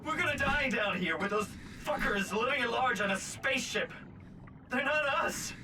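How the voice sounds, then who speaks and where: An actor playing a desperate young man who feels betrayed, shouting and swearing, heard in distant, noisy game audio. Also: extremely high pitch, lively intonation, normal speed. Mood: furious.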